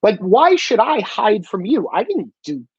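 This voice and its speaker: A man's voice: sits high, sing-song, measured pace, breathy edge, no echo. A man with a thick New York–New Jersey accent, talking bluntly and profanely in a casual opinion monologue. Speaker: independent journalist, vlogger. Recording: dull lo-fi dry recording.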